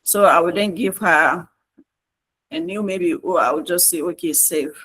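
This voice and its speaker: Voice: mid-range voice, measured pace, fairly bright tone, poor audio. Coaxing trainer with a Nigerian English accent. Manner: repetitive, coaxing instruction with frequent checks on listeners. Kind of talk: online tutorial walkthrough.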